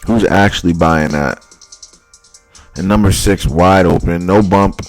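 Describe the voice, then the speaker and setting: Deep-voiced exasperated football breakdown guy. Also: a little slow, dry recording, soft background music. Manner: blunt, exasperated, repeats himself. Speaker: football film analyst. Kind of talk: casual highlight breakdown commentary.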